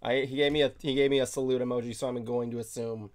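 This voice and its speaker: A man in his twenties hosting a casual online talk show, teasing his co-hosts in an animated, swearing way. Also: medium pitch, fast talker, over a noisy crowd. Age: 20s. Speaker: podcast host. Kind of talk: casual chat.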